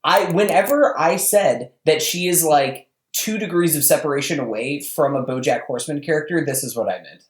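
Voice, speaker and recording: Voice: mid-range voice, moderate pace, few pauses, roomy sound. A podcast co-host in casual chat, sardonic and swearing freely.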